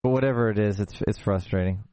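A man hosting a show, talking casually over a video call in a halting way, often restarting his sentences. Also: on the low side, mellow, dry recording. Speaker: show host.

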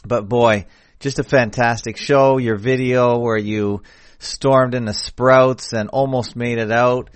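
A man co-hosting a podcast in casual chat, effusive and heaping praise with quick jokes. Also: medium pitch, steady tone, clean tone, no room sound. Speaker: podcast co-host.

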